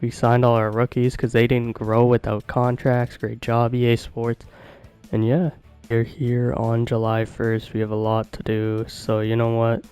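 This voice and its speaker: A man hosting a video game channel, giving chatty, excitable commentary and talking to his viewers in slang. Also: mid-range voice, a little slow, clean tone, faint music behind, poor audio. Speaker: gaming video host.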